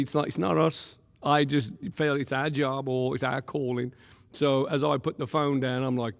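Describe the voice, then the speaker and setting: Gravelly pastor telling a story. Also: male voice, mid-range voice, normal speed. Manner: lively, laughing often, acts out quotes. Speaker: pastor and guest. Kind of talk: animated storytelling. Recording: long room reverb.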